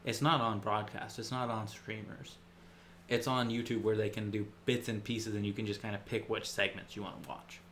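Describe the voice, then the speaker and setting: A man's voice: lowish voice, little pitch movement, normal speed, a bit bright, a little hiss or hum. A man co-hosting a podcast in casual chat, rambling and jokey, mocking himself with a grin. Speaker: podcast co-host.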